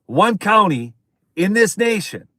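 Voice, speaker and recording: Male stream host, higher-pitched, emphatic and repetitive, dry close-miked sound. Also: sing-song, slow, sharp tone, no echo. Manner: emphatic, repeats points, addresses viewers as folks. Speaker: political commentary host. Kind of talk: live-stream political commentary.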